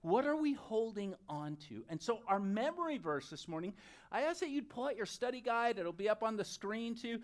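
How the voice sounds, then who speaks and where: A high-pitched male pastor preaching a sermon. He tells stories and jokes in a loose, conversational way, leading a congregation. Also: lively intonation, normal speed. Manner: storytelling, joking, conversational.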